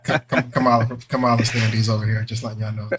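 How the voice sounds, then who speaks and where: A man's voice: lowish voice, quick pace, a crowd in the background. A middle-aged man co-hosting a podcast, telling stories in casual chat and acting out the voices in them. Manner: animated storyteller, acts out voices, swears. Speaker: podcast co-host.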